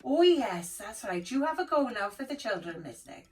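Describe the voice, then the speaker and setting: A woman's voice: a little high, big pitch swings, normal speed. A woman voicing a friendly, polite young cat puppet who talks eagerly like a child. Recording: distant mic, faint background music.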